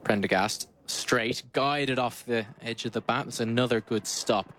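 A man calling a cricket match ball by ball, brisk and lively, lifting his voice on big shots and slipping in dry asides. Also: mid-range voice, a little hiss or hum. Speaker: cricket commentator. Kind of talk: live ball-by-ball commentary.

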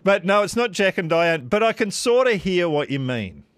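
A man's voice: high voice, normal speed. A man hosting a casual radio quiz with callers, joking and laughing easily. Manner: animated, jokey, laughs easily. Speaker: radio host.

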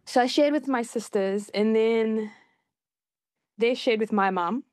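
A woman's voice: a little slow, no room sound, clean studio sound. A middle-aged woman from Fiji, a documentary filmmaker, telling her personal story in an interview and acting out what people said. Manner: animated, acts out quoted dialogue with big pitch jumps.

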